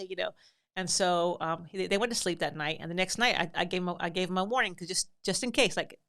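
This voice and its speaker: Chatty self-deprecating mom telling a story. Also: female voice, on the low side, fairly even intonation, fast, vocal fry, fairly bright tone. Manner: chatty, self-deprecating, restarts sentences often. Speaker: podcast host and mother of many. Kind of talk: casual anecdotal storytelling.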